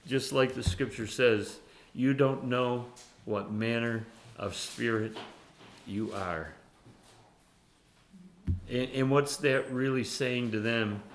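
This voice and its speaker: A man teaching a conversational sermon who reads scripture aloud and laughs often, animated and self-mocking. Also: mid-range voice, slight background noise. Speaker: Bible teacher.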